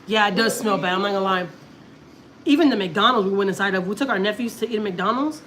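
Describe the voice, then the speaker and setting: A woman's voice: medium pitch, fast, background noise. A woman from Texas, chatting casually on a family vlog live stream and telling a long story, repeating herself often. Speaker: family vlogger.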